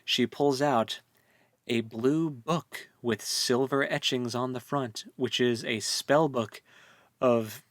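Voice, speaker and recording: A man's voice: mid-range voice, steady tone, slow pace, fairly bright tone, dry recording, studio quality. A man co-hosting a podcast, chatting casually and rambling about a book, laughing often. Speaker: podcast co-host.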